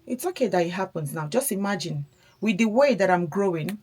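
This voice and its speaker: A woman's voice: mid-range voice, animated, a little fast, darkish tone, husky. A woman chatting casually while doing her makeup, a mother talking in a reflective, encouraging way. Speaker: beauty vlogger, mother.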